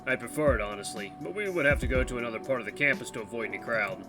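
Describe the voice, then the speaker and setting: A man's voice: mid-range voice, very fast, lightly acted. A man reading a proud, friendly young guide. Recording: background music under voice.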